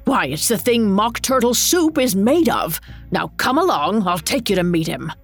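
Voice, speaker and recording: A woman's voice: mid-range voice, very animated, moderate pace, soft background music. A woman voicing a haughty, hot-tempered queen of playing cards in a storybook reading, with an acid, imperious manner and clipped commands. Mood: cold, haughty.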